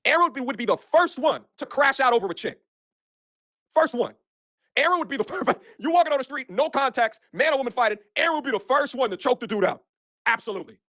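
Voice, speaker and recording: Fast, bright-voiced streamer ranting. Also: sits high, lively intonation, dry recording, studio quality. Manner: emphatic, insistent, repeats for effect. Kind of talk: live stream rant.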